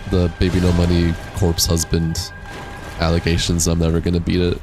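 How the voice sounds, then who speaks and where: A man's voice: sits low, completely flat delivery, moderate pace, music in the background. A young man streaming a game, chatting casually, reading chat aloud and laughing often. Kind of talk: casual livestream chat while gaming.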